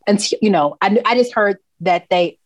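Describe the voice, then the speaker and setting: A woman's voice: mid-range voice, normal speed, dry recording. A woman hosting a podcast in casual chat, blunt and profane, mocking herself as she talks. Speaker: podcast host.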